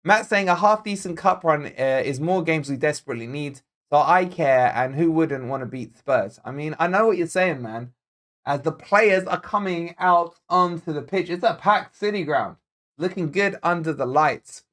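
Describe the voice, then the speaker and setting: A fairly high-voiced man with a Scottish accent hosts a live football watch-along. He keeps it casual and jokey, answering viewer messages one after another. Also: moderate pace, a bit bright. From Scotland. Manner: chatty, jokey, reads viewer comments aloud. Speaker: football fan channel host.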